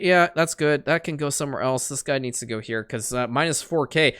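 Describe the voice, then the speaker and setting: A man narrates his strategy game in a casual let's-play style, his voice bright and ringing. He mutters along as he plays and talks straight to the game. Now and then he blows up into loud, exasperated rants. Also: medium pitch, brisk, few pauses. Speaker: gameplay commentator.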